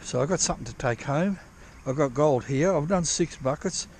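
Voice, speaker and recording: His voice sits a little high and somewhat mellow, moving at normal speed, as he vlogs from a drizzly dig site while panning for gold. The talk wanders casually with lots of cursing and self-interruption, and a slight hiss or hum is audible.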